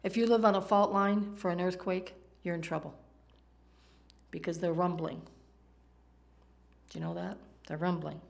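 A woman's voice: lowish voice, steady tone, normal speed, gravelly, pauses often. A woman preaching a sermon in a conversational way, often asking her listeners questions. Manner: conversational, asks the audience questions.

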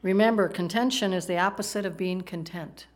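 Her pitch is fairly low and she speaks fairly quickly. Standing in a church with a microphone and PowerPoint slides, she preaches a sermon, chatting with the congregation and asking them questions.

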